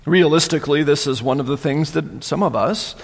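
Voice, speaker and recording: A man preaching a sermon, animated, voicing the mockers in rising tones. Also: on the high side, fairly quick, gravelly, husky. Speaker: pastor. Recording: long hall reverb.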